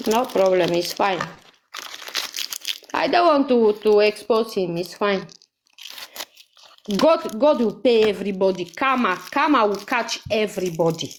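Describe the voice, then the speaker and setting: A woman's voice: medium pitch, lively intonation, measured pace, long pauses, background noise. A woman ranting angrily in a vlog, scolding someone with repeated insults and accusations. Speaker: vlogger. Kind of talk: angry live vlog rant.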